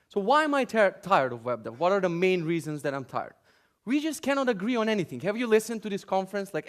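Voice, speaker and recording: A man from Macedonia giving a joking, sarcastic conference talk and ranting to a hall audience. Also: high-pitched. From North Macedonia. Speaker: conference speaker.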